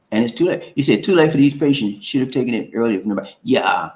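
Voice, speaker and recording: A man hosts a casual livestream in an echoey room. His pitch sits in the middle, and he talks loosely to his viewers. When he gets worked up, his voice leaps high and animated. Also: fast, hardly any pauses. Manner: animated, swings up high when excited, says "man" and "okay?". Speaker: livestream host.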